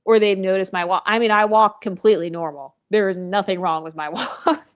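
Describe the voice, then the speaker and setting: A woman's voice: medium pitch, steady tone, brisk, clean tone. Sassy, profane woman vlogger. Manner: sassy, blunt and profane, with mocking asides. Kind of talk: opinionated casual commentary.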